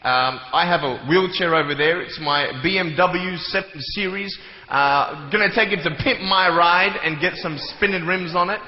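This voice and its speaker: A young motivational speaker with a high-sitting voice talks at a moderate pace, giving a joking talk to a live audience in a large hall and acting out little scenes. The hall is echoey and the sound slightly dull.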